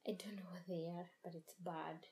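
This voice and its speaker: A woman's voice: fairly low pitch, level tone, moderate pace, darkish tone, lightly acted. A woman doing a shaken, protective young husband. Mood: tense. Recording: music playing underneath.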